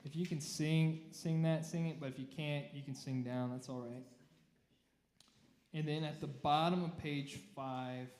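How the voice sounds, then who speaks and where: A man's voice: on the high side, steady tone, measured pace, darkish tone. A man leading choir rehearsal, talking through notes and singing short phrases to demonstrate. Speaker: choir director. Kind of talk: rehearsal instruction. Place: church room. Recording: echoey room.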